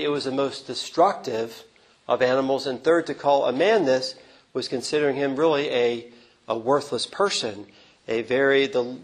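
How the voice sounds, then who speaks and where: A man preaching a sermon on a gospel passage, earnest and unhurried, with small restarts as he explains the text. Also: medium pitch, poor audio.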